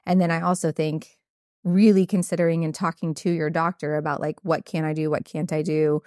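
Lady vet chatting candidly, kinda low voice, dry close sound. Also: level tone, brisk, mellow, no echo. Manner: candid storytelling with many fillers. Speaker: podcast host, veterinarian. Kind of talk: casual conversation.

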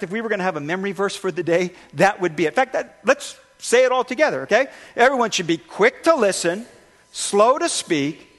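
A male pastor giving a conversational sermon, telling stories with lively restarts and asides. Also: high-pitched. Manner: conversational, animated storytelling with restarts. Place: church sanctuary.

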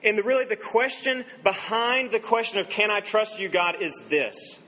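High-voiced male pastor preaching. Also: animated, normal speed, sharp tone, low-quality recording. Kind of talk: sermon.

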